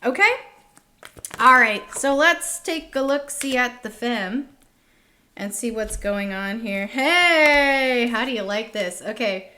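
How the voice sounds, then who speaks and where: A woman's voice: on the high side, unhurried, pushed and bright. A woman in her thirties giving a casual tarot reading to her viewers, emphatic and repeating phrases for effect. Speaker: tarot reader.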